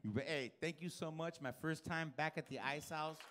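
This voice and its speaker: A man's voice: fairly high pitch, moderate pace, very noisy. A man doing live stand-up in a comedy club, working the crowd with a brash, profane, teasing manner into a handheld stage mic.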